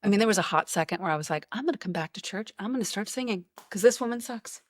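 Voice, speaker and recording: A woman hosts a podcast conversation, wandering through anecdotes with a self-mocking, joking streak. Her voice sits at an ordinary pitch. The sound is dry and close, with no room around it. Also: animated, quick pace, dry recording. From United States. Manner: rambling, joking storyteller. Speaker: podcast host. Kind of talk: casual chat.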